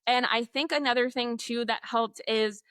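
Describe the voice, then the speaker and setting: A woman educator in an interview, telling classroom stories in an animated way, acting out students and laughing often. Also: a little high, moderate pace, clean tone, no echo, studio quality. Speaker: guest, literacy educator. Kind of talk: conversational interview.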